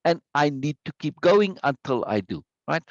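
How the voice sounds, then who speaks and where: A man's voice: a little high, sing-song, moderate pace, dry recording. A middle-aged man teaching an online course, telling stories emphatically and often checking in with "right?". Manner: emphatic, storytelling, frequent "right?". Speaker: course instructor. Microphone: video call mic. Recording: dull lo-fi meeting audio.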